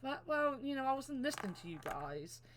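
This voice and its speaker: A woman's voice: high voice, sing-song, slight background noise. A young woman co-hosting a podcast, chatting casually, swearing freely and getting emotional. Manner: swears a lot, emotional and quick to cry. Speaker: podcast co-host. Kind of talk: casual chat.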